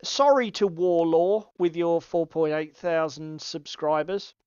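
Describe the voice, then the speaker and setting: A man rambles through a casual stream chat, cursing freely. His voice is smooth and resonant. The recording is dry and a little dull. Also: on the high side, a little slow, darkish tone, dry recording. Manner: swearing, rambling, laughs often. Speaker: co-host.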